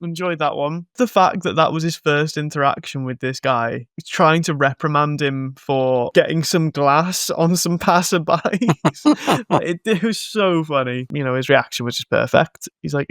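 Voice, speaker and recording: A man hosting a casual film review podcast, sweary and animated, often laughing and acting out lines. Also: fairly high pitch, moderate pace, hardly any pauses, dry recording, clean studio sound. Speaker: podcast host.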